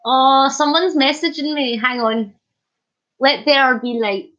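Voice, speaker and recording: A woman's voice: a little high, unhurried, a bit bright, dull audio. A woman hosting a casual live stream, chatting and joking as she reads viewer comments. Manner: chatty, jokey, punning, laughs often. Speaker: livestream host.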